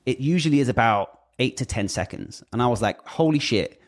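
A man's voice: mid-range voice, fairly quick. A British man in casual chat, telling stories animatedly and swearing often. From Britain. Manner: animated storytelling, profane. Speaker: guest, music industry worker.

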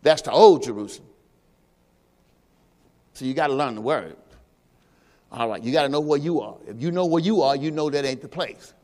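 Preaching with a darkish tone in a voice on the high side, a pastor moves at a moderate pace and pauses often. He quizzes his congregation in a loose, conversational teaching style, and the sanctuary adds long hall reverb.

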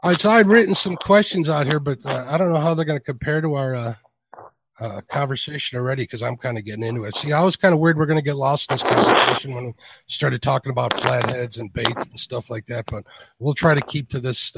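A man's voice: medium pitch, vocal fry, background noise. A man hosting a fishing live stream, chatting in an easygoing, rambling, folksy way. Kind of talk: casual chat.

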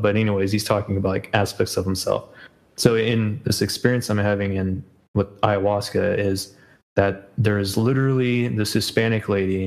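A man's voice: lowish voice, creaky, low-quality recording. A man as a podcast guest in casual chat, rambling with many fillers and self-corrections.

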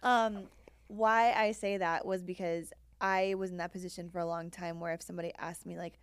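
A woman's voice: fairly low pitch, fairly even intonation, normal speed, smooth, dry recording, clean studio sound. A woman co-hosting a casual podcast chat. She talks candidly, swears freely and acts out quoted dialogue. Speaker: podcast co-host.

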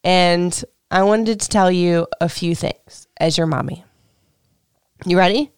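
A woman in her thirties from Florida, chatting candidly on her podcast. Her voice is smooth and clear, recorded dry and close with no room sound. She rambles freely between tender and joking. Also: lowish voice, fairly even intonation, slow pace, no echo. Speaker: podcast host and mother. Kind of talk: casual podcast chat.

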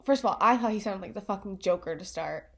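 A woman from northeastern Pennsylvania with a drawn-out A, co-hosting a true-crime podcast and swearing casually. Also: medium pitch. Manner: gravelly, swears freely, short reactive replies. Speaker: podcast co-host.

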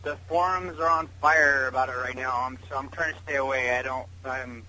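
A man's voice: medium pitch, fairly even intonation, fairly quick, crowd noise, low-quality recording. A man chatting as a guest on a podcast, rambling with fan enthusiasm and lots of fillers. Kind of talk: casual chat over a call.

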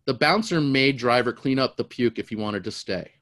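A middle-aged man casually telling a long, rambling story, animated and often repeating words as he goes. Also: medium pitch, moderate pace, no room sound. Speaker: storyteller guest.

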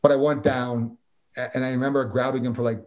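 Canadian guy telling an old hockey story, mid pitch, chatty, does little voices for the guys in it. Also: quick pace. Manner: animated storyteller, acts out quotes. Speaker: guest, former hockey player. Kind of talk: casual storytelling.

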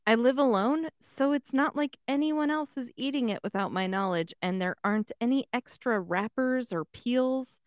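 A woman co-hosting a podcast, reading a listener's letter aloud at a steady pace. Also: fairly high pitch, normal speed, few pauses, no room sound, studio quality. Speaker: podcast co-host. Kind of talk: casual chat and reading aloud.

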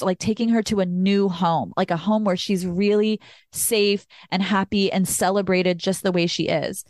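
A woman's voice: mid-range voice, dry recording, clean studio sound. Candid woman sharing personal healing story. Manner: candid and emotional, says "like" often, sometimes swears. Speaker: podcast host. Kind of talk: personal reflective monologue.

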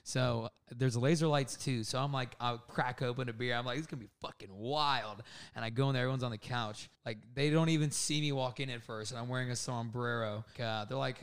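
In a medium-pitched, clean voice, a podcast co-host in his twenties recounts a story fairly quickly with few pauses. The chat is casual, and he's animated, laughing plenty and performing the lines of the people in his tale.

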